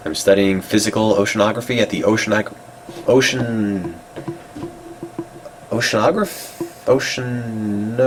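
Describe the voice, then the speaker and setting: A congested man making dry, deadpan remarks while browsing and reading out old web pages. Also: on the low side, slight background noise.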